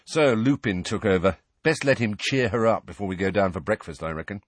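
A man's voice: fairly low pitch, fairly quick, no room sound, natural voice. A man reading an audiobook and voicing an offhand, joking teenage wizard twin. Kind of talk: audiobook character voice.

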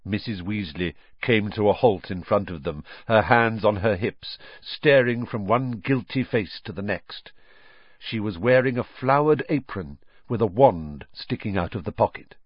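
A man narrating a storybook in an expressive, lilting way. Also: fairly low pitch, a little slow, no echo, highs cut off. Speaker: audiobook narrator.

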